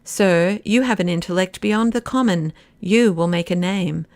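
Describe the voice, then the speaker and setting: Woman doing a tipsy young man, giddy, rapid, exuberant, low voice, dry sound. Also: a little mellow, no echo, close to an everyday voice.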